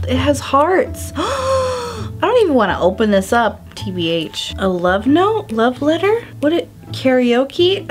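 A young woman hosting her own vlog, gushing and gasping through a casual unboxing chat, full of fillers. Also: sits high. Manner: bubbly and gushing, gasping often, filler-heavy with "like". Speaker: vlogger host.

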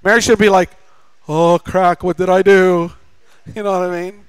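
Preaching in a church sanctuary, a middle-aged pastor speaks at normal speed in a high, smooth voice with fairly even intonation. He's jokey and chatty with the congregation as he shares a family story with acted-out dialogue. The recording is low quality, with no room sound.

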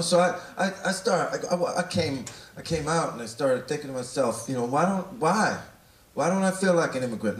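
A Canadian man in his forties doing profane stand-up, rambling and swinging between mumbles and shouts. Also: mid-range voice, far from the mic. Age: 40s. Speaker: stand-up comedian. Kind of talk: stand-up comedy set. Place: comedy club stage. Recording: roomy live venue, mic off-axis, loud crowd laughter. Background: audience laughing.

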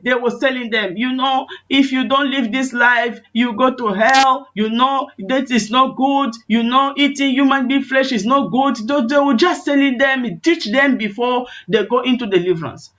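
A woman's voice: high-pitched, normal speed, hardly any pauses, a bit bright. A woman evangelist preaching a sermon, telling a testimony with acted quotes and impassioned, repetitive calls in prayer. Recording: muffled lo-fi online call audio.

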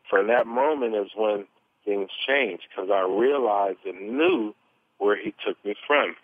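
A man giving an earnest, animated testimony as an interview guest, telling his story at length. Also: lowish voice. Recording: tinny phone line.

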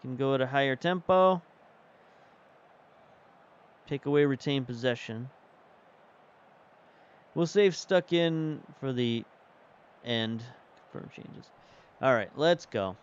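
A man's voice: mid-range voice, animated, takes it slowly, long pauses, smooth, dull audio. A man casually commentating as he plays a football management game, thinking aloud about tactics and substitutions. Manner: chatty, thinks aloud while managing the match. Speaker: game streamer. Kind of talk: casual commentary while playing.

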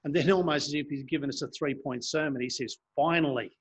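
Male preacher, slightly high and husky, earnest sermon reading scripture. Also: fairly even intonation, fast. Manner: earnest, reads scripture aloud and explains it. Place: church.

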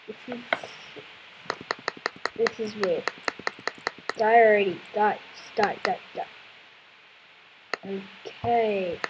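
A woman's voice: fairly high pitch, slow pace, pauses often, a little mellow, a little hiss or hum, low-quality recording. A woman playing a video game, commenting casually and exclaiming in frustration with repeated words. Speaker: let's play gamer.

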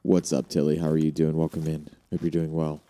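A man's voice: very deep voice, monotone, fairly quick, dark tone. A young man streaming a horror game, talking to his chat, swearing and jumpy. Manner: swearing, jumpy, chatty with viewers. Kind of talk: live horror game commentary.

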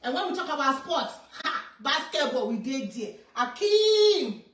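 A Nigerian woman with a Pidgin English accent talks in an animated, boastful vlog style, often dropping into bits of song. Her voice sits high, and she is some way off the mic in an echoey room. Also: a little slow, distant mic, a little hiss or hum. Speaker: content creator. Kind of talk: casual vlog monologue.

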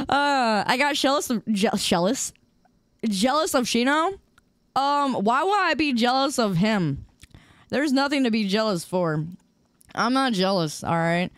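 High-pitched, teasing woman streamer. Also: expressive, unhurried, fairly bright tone, clear, resonant tone, dry recording, clean studio sound. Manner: playful, teasing banter with mock defensiveness. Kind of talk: casual live-stream chat with viewers.

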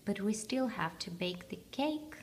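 A woman's voice: medium pitch, animated, measured pace, a little hiss or hum, lightly acted. A woman voicing a grumpy but loving big male bear in a storybook reading, with a huffy, grumbling manner. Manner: grumbling, huffy, gentle at heart.

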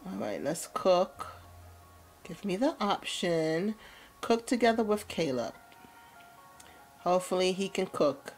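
A woman's voice: lowish voice, animated, slow pace, long pauses, a little mellow, faint music behind. A woman hosting a gameplay video, chatting playfully and casually with slangy asides. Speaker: let's play host.

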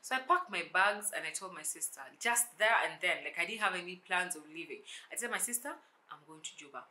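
A young woman telling a storytime vlog, animated and acting out the dialogue in shifting voices. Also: lowish voice, fairly quick. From South Sudan. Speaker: YouTuber.

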